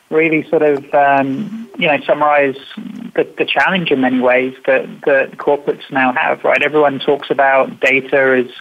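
A man's voice: medium pitch, slight background noise. A man speaking as a guest on a talk show, thoughtful and hesitant, often restarting his sentences. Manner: hesitant, many fillers and restarts, even tone. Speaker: guest, sponsor. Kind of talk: casual business talk. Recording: tinny phone-like line.

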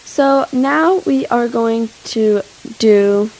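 A woman's voice: a little high, extremely slow, darkish tone, poor audio. A teenage girl co-hosting a kids' radio show, reading aloud hesitantly with fillers. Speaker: young co-host. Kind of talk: casual chat.

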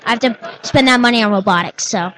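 High-voiced young woman chatting playfully. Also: quick pace, a bit bright, slight background noise, poor audio. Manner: rambling, playful, many restarts. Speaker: co-host. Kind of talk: casual chat.

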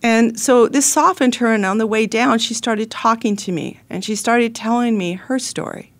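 A woman's voice: a little high, moderate pace. A middle-aged woman host telling a personal story in an earnest, heartfelt way, often restarting her sentences.

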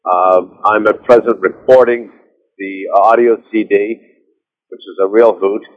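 Man, low voice, guest author, hesitant, rambling, restarts, calling from a car, muffled phone line. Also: steady tone, a little slow. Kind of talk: phone interview. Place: car, while driving.

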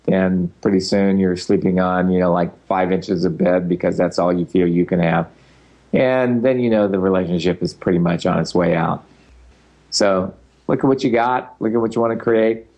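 This older man's voice is low and a little mellow. Working as a speaker and facilitator, he answers interview questions in a rambling, easygoing manner, with the occasional tease.

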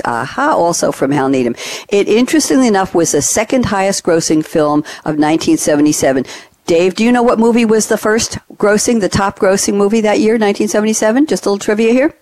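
A woman's voice: medium pitch, expressive, fast, darkish tone, dry recording. A woman hosting a business panel show, chatty and upbeat, fond of trivia asides. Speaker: podcast host.

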